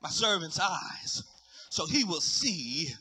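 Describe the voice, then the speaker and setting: A man voicing a calm, drowsy old prophet who speaks slowly and quietly. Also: sits high, husky, pitched below the performer's own voice, exaggerated voice. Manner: hushed, slow and unbothered.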